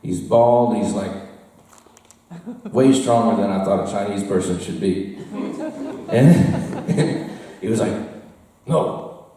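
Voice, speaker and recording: A man from the United States, lowish and warm-toned, speaks slowly with long pauses while telling a meandering, self-deprecating story in a bar. He laughs at his own tale often, and the audio is far off with roomy echo.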